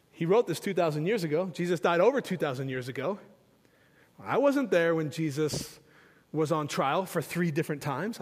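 A male pastor preaching a sermon with fervent emphasis, repeating phrases and restarting lines as he builds his points. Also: fairly high pitch. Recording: long hall reverb.

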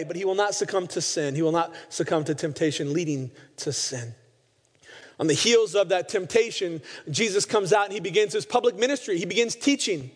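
High-pitched guy preaching, tells the bible stories like stories, big echoey church hall. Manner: storytelling, acts out quoted lines. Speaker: pastor. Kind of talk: sermon. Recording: long hall reverb.

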